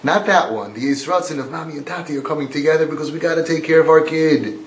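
A man's voice: fairly high pitch, fast talker. A man giving a sermon-style religious lecture, emphatic and repetitive, quoting from texts. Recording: roomy echo.

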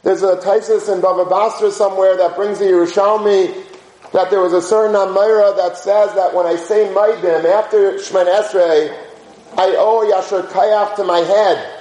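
A man's voice: high voice, fairly even intonation, moderate pace, darkish tone. A man teaching a conversational religious lecture, telling stories in an informal, anecdotal way and dropping in Hebrew and Yiddish terms. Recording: roomy echo.

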